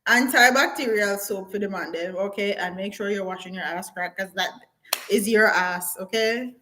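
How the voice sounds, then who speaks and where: A woman's voice: medium pitch, moderate pace, background noise. A woman, chatting bluntly on a live stream and reading viewer comments aloud, with patois turns of phrase and frequent laughs. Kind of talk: casual live-stream chat.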